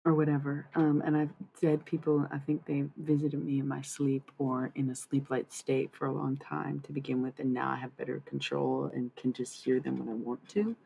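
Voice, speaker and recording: A woman's voice: extremely low pitch, little pitch movement, normal speed, creaky, hardly any pauses, dark tone, a little hiss or hum, rough recording. A woman livestreamer rambling casually with her viewers, cursing freely as she talks. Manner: rambling, profane, chatty.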